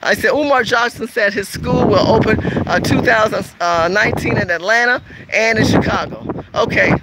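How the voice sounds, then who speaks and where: A woman's voice: a little high, moderate pace, heavy background noise. A woman from California hosting a casual livestream, talking emphatically and repetitively straight to her viewers as she reads their comments.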